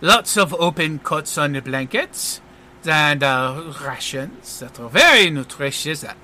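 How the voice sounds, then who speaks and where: A man doing a flamboyant, self-important superhero with a French accent, all theatrical flourishes and smug pauses. The voice sits on the high side, bright and forceful, with loud swoops upward. It is tabletop role-play acting at the table. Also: expressive, a little hiss or hum, heavily acted. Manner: smug, theatrical, full of hesitations.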